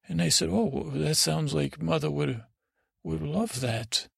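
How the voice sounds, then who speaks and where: A man voicing a naive, dreamy young prince in a sleep story, rambling and halting with many restarts as he retells conversations. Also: fairly high pitch, creaky, fairly bright tone, slightly rough, no echo, studio quality, exaggerated voice. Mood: wistful. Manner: halting and rambling, full of restarts and retold dialogue. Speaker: podcast host.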